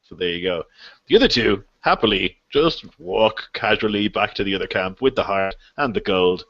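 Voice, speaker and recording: Laid-back low-voiced man running a game. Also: animated, normal speed, a bit bright, no echo, muffled recording. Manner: casual, laughing, filler-heavy narration. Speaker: game master. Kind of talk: narrating a tabletop game.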